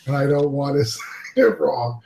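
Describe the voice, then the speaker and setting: A man hosting a casual collectors' panel talk, relaxed and laughing easily as he gives shout-outs. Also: fairly high pitch, moderate pace, vocal fry. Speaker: podcast host. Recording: roomy echo.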